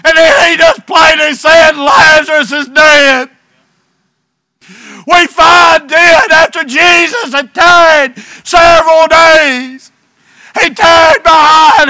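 A middle-aged man, a pastor preaching a fervent sermon with drawn-out words. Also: extremely high pitch, pushed and bright, no room sound. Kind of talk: shouted sermon.

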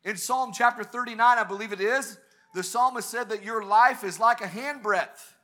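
A man's voice: high-pitched, moderate pace, pushed and bright. A man preaching a sermon at a church service, fervent and building to emphatic peaks.

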